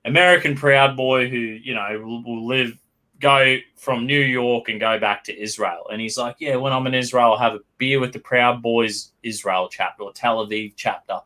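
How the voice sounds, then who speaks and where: Aussie host guy, bright forceful voice, swears a ton, blunt chat. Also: mid-range voice, steady tone, moderate pace. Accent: Australian. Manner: blunt, profane, emphatic. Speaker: podcast host. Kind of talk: casual podcast banter.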